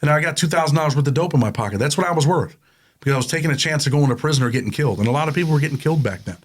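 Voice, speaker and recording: A middle-aged man talking as a guest in a casual interview, telling stories in animated, plain street talk. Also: fairly high pitch, rapid-fire. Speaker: guest, prison consultant.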